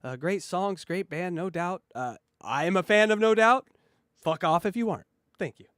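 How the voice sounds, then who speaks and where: A man co-hosting a comedy podcast, riffing loudly and mockingly over clips with jokey commentary. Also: high-pitched, normal speed, smooth, no echo. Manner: loud, mocking, jokey fake translations.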